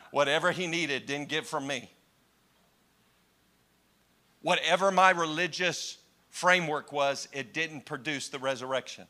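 A man delivers a sermon with a bright, forceful voice. He drops to slow, hushed phrases, then climbs into impassioned cries. He talks straight to his congregation. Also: on the high side. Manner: impassioned, swings from hushed to shouting. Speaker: preacher.

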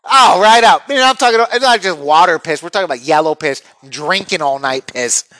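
A man's voice: high voice, lively intonation, a little fast, bright, forceful tone, no echo. A man telling a crude comic story, acting out other people's voices with big jumps.

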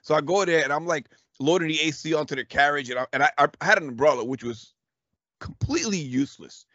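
Excitable man telling a wild story. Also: on the high side, fast, no echo. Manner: animated, swearing, laughs often, acts out quotes. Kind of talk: casual storytelling chat. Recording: dull, dry lo-fi recording.

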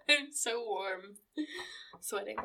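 A woman's voice: medium pitch, very animated, gravelly, pushed and bright. A young woman co-hosting a podcast, reacting in casual chat with frequent laughter. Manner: laughs often, drawn-out reactions. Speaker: podcast co-host.

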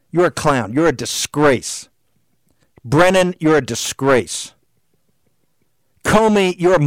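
A man speaks in a raised, combative voice, hammering the same questions again and again. His pitch sits a bit high for a man. The sound is close and dry, with no room around it. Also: dry recording. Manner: shouting, combative, repetitive rhetorical questions. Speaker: show host. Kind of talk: heated political monologue.

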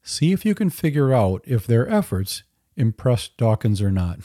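A man talks through a solo faith podcast in an earnest, conversational way, dropping dry little asides. His voice is very dark and mellow at a middling pitch. The recording is dry and close. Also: sing-song, moderate pace, dry recording. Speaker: podcast host. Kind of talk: solo Christian apologetics podcast.

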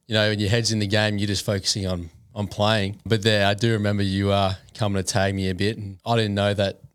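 A young man with an Australian accent, a podcast guest answering in a calm, measured way. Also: fairly low pitch, clear, resonant tone, no echo, clean studio sound. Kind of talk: casual podcast chat.

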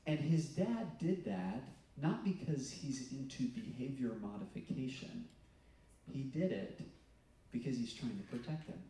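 A man preaching a sermon in a relaxed, talky way, with ums and restarts as he tells stories. His voice sits in a mid pitch and rings out through a very echoey hall. He stands some way back from the mic. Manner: conversational, storytelling with self-corrections and fillers. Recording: echoey room, mic at a distance.

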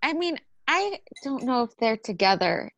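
A woman's voice: high-pitched, big pitch swings, a little slow, fairly bright tone, dry recording, muffled recording. A woman co-hosting a casual chat, talking in a chatty way full of fillers. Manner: chatty, lots of fillers, laughs along. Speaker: podcast co-host.

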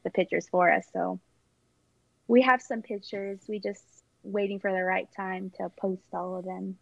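Young woman rambling with lots of ums and giggles, raspy fry, dull dry lo-fi sound. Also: mid-range voice, fairly even intonation, normal speed, dry recording. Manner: rambling, giggly, many fillers. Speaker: guest telling her engagement story. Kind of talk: casual chat.

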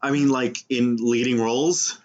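A man co-hosting a podcast, chatting loosely and swearing as he jokes about a movie. His pitch sits in a middle range. The sound is a little dull and lo-fi. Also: moderate pace. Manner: swearing, animated, joking. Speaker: podcast co-host. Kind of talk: casual podcast chat.

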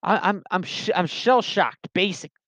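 A man's voice: high voice, moderate pace, a bit bright, no room sound. A young man in his late teens telling a personal story casually, rambling with lots of restarts and fillers, on a dull lo-fi recording.

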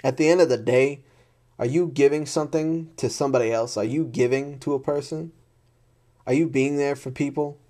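Frustrated and blunt, a man vents to camera off the cuff, swearing often and going over the same points again. He speaks at normal speed in a mellow, mid-range voice.

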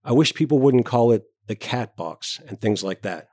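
A man's voice: medium pitch, expressive, moderate pace, dry recording, studio quality, lightly acted. A man voicing a shy demure woman. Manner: shy, demure, soft-spoken.

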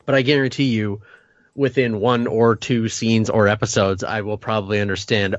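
A man's voice: on the low side, flat delivery, moderate pace, dry recording, lo-fi sound. A man co-hosting a casual podcast chat, joking wryly and hedging with lots of "like". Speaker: podcast co-host.

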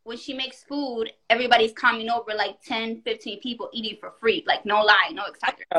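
Woman guest, high bright voice, tells a rowdy story in casual chat and acts out every quote. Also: a little fast. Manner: animated, profane storytelling with acted-out quotes.

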